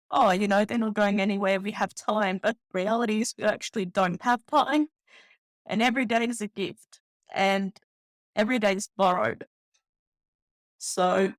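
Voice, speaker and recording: A woman's voice: medium pitch, no echo. A woman from the Balkans in her thirties, a podcast host speaking candidly and from the heart in a personal monologue, with lots of "you know". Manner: heartfelt, candid, many fillers.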